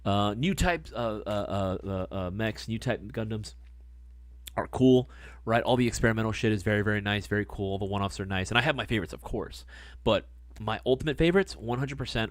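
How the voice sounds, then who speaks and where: A man hosting a livestream, chatting casually and rambling through stories with lots of swearing and excited gushing. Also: on the low side, no echo. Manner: profane, rambling storyteller; excitable, gushing about hobbies. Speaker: livestream host.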